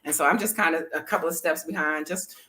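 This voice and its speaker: Bright-voiced woman telling a story. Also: sits low, fast, a little hiss or hum. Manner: animated storyteller, laughs often, talks to viewers as y'all. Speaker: travel vlogger. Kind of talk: casual storytelling vlog.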